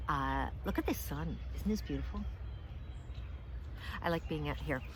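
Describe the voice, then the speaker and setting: A middle-aged American woman, a vlogger and comedian, tells a rambling, self-deprecating story in a park for a casual vlog. Her voice is low and moderately paced, with lots of fillers and restarts over background noise.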